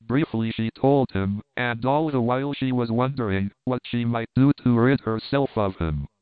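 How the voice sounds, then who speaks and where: A man narrating an adventure novel in a steady, measured reading. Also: medium pitch, clean tone, no echo. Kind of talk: audiobook narration of adventure fiction. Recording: tinny, band-limited dry audio.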